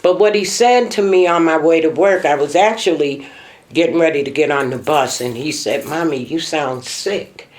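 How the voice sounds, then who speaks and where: A middle-aged woman, the mother in a documentary interview, reminiscing emotionally with her pitch sometimes rising sharply. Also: normal speed, a little mellow.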